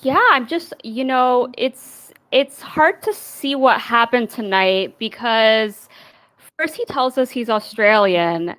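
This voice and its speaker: A woman guest on a comedy stream, speaking in a mock-serious, deadpan way. Her voice is smooth, slightly high and dry. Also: takes it slowly, no echo, poor audio.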